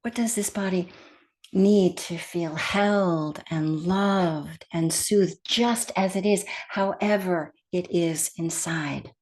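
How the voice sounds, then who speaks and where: Slow soft-spoken lady teaching meditation, gentle, drops to whispers now and then. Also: fairly low pitch. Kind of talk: guided meditation talk.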